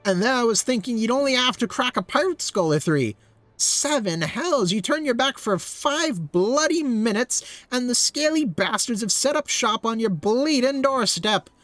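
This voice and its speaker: A man's voice: extremely high pitch, lively intonation, moderate pace, a bit bright, no echo, pitched above the performer's own voice. Salty British-accented harbor officer, put on by a man. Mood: gruff. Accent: put-on British pirate accent. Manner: salty swearing, rough dialect. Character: gruff male harbor officer, blunt and salty.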